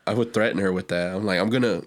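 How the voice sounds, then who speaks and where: A man co-hosting a podcast in casual chat, telling a lively story and acting out the people in it. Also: sits low, fast talker. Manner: animated storyteller, acts out quotes with loud yelps. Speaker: podcast co-host; restaurant server.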